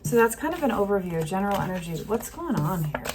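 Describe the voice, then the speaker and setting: A woman giving a casual tarot reading, talking gently and thinking aloud with many fillers. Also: medium pitch, very animated, fast. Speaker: tarot reader. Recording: faint street noise behind.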